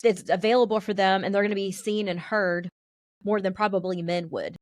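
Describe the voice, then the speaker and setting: A woman hosting a podcast interview, affirming her guest and quick to agree. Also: medium pitch, steady tone, no room sound, studio quality. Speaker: podcast host, holistic lifestyle coach. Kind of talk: casual interview conversation.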